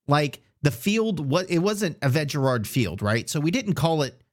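A man co-hosting a casual sports podcast, joking and opinionated, with relaxed slang. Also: on the high side, normal speed. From south Louisiana. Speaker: podcast co-host.

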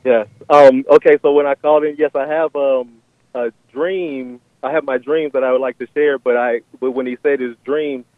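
A man's voice: medium pitch, fairly even intonation, normal speed, dry recording. A man speaks over a tinny, dry phone line. He is calling in and tells a long vision, hesitant and full of ums and restarts. His voice sits in a middling register. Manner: hesitant, many fillers and restarts. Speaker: caller. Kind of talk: phone-in call sharing a vision. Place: on a phone call.

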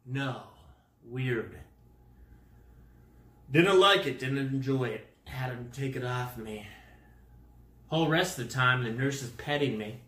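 A man drawls through a rambling comic monologue, his bright voice leaping up and down in pitch. He slips into silly made-up words and bursts of loud exasperation. The sound comes from an echoey room. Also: expressive, moderate pace. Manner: rambling, goofy wordplay, swings to loud exasperation.

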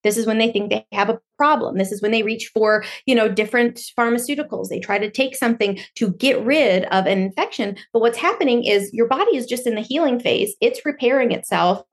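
A woman in her thirties talks as a podcast guest, explaining things at length in an easy conversational flow. Her voice sits a little high, and she acts out quoted inner voices with a lively touch. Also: fairly quick, hardly any pauses. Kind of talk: explanatory interview talk.

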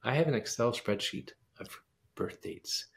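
Man with a gravelly voice telling a lively story. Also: medium pitch, unhurried. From United States. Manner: animated storyteller acting out quoted dialogue. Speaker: pianist and composer, guest. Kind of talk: casual interview storytelling.

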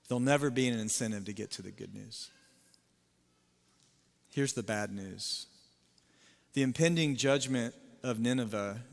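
A male pastor preaching a sermon, emphatic, swinging from loud rising appeals to low sober warnings. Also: creaky, in a large hall.

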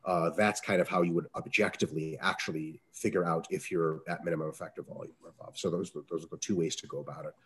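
A man answering interview questions as a strength coach, talking casually, with salty language and lively acted-out quotes. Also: low voice, fast talker, hardly any pauses, husky. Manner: profane, animated, acts out quoted dialogue.

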